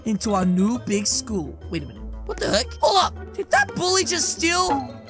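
A woman hosting a game role-play as a wolf kid, hyper and jokey, often shouting. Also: on the high side, huge pitch swings, normal speed, soft background music. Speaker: gaming channel host.

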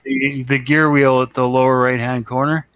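A man's voice: medium pitch, flat delivery, normal speed, a bit bright, clear, resonant tone, dry recording. A man in a casual gaming session, giving helpful step-by-step instructions. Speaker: friend in the game session.

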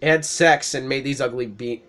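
A man's voice: medium pitch, normal speed. A young man giving casual let's play commentary, swearing freely, laughing often and getting worked up at the screen. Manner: profane, excitable, laughs often.

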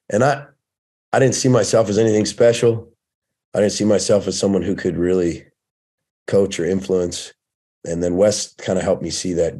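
A man's voice: deep voice, moderate pace, long pauses, a little mellow, husky. A man in his thirties, a podcast guest, candidly telling his story in casual conversation and swearing freely. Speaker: podcast guest, firefighter turned coach.

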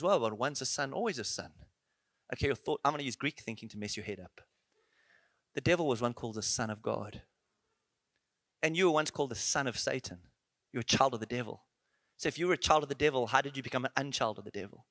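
A man preaching a conference sermon in a church, animated and playful, full of rhetorical questions and asides. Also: medium pitch, no echo.

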